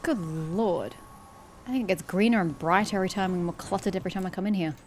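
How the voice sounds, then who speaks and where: A woman's voice: on the low side, fast, a little hiss or hum. A woman casually commentating while playing a video game. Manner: chatty, animated reactions. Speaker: gameplay streamer. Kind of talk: casual let's play commentary.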